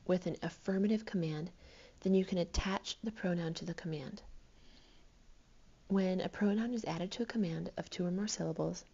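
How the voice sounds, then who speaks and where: A woman's voice: fairly low pitch, gravelly, darkish tone, slightly rough, lo-fi sound. A woman teaching a recorded Spanish lesson to her students, patient and explanatory, counting syllables aloud.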